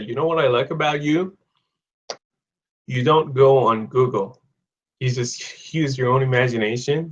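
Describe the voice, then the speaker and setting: A young man hosts a live online English lesson, chatting loosely and joking as he reads out viewers' answers. He talks at an unhurried pace. His voice comes through slightly dull and lo-fi. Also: mid-range voice, a bit bright. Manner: chatty, reads viewer comments aloud, jokes.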